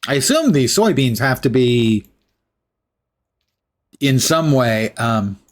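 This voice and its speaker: A man's voice: mid-range voice, big pitch swings, takes it slowly. A man streaming a game, thinking aloud in a casual, musing way. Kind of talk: casual gameplay commentary.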